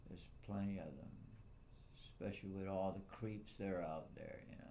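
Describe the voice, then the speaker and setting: A Puerto Rican man with a fairly low, gravelly voice talks his way through a loose personal monologue. He wanders, leans on "you know," and chuckles between thoughts. A faint hiss sits behind him. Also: lively intonation, normal speed, darkish tone. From Puerto Rico. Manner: meandering, many "uh"s and "you know"s, chuckling often. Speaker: vlogger.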